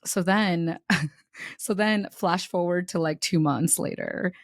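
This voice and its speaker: A woman's voice: on the low side, slow, no room sound, clean studio sound. Candid young woman telling a dating story. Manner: animated, candid, laughs through the story, swears freely. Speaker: podcast co-host. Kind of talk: casual podcast chat, storytelling.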